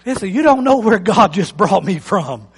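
A man preaching a sermon, animated and repeating phrases for emphasis. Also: sits high, moderate pace, slightly rough, in a large hall. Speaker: pastor.

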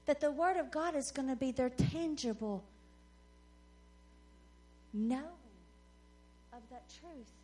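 A woman's voice: high-pitched, takes it slowly, long pauses, faint music behind. A woman preaching at a conference, telling stories and acting out the voices of the people in them. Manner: animated storyteller who acts out quoted voices. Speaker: conference speaker. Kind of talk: sermon storytelling.

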